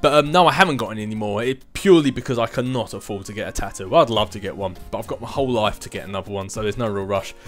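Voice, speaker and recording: A man's voice: on the low side, very fast, hardly any pauses, a bit bright, soft background music. A young man in his twenties hosting a casual vlog and answering viewer questions in a rambling, chatty way, with self-mocking asides. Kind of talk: casual chat.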